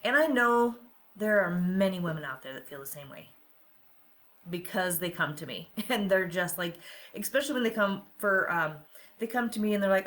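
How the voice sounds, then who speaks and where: A woman's voice: medium pitch, expressive, normal speed, a bit bright. A middle-aged woman hosting a podcast and coaching, speaking candidly and confessionally and often checking in with "right?". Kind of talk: personal podcast monologue.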